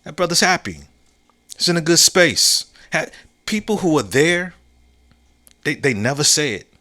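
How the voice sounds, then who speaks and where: A fairly high-pitched man with a very animated delivery and a sharp tone hosts his own podcast in a casual solo monologue. He muses reflectively, repeats key phrases, uses slang, and keeps asking "you know what I'm saying?". His phrasing is laid-back and drawn out, with restarts along the way.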